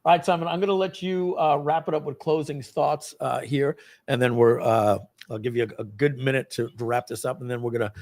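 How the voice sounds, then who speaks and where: A man tells a story to an audience in a lively, animated way. He leaps into high squeaky voices when quoting others. His voice sits at an ordinary middle pitch. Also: brisk. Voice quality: acts out voices with big pitch jumps. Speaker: host.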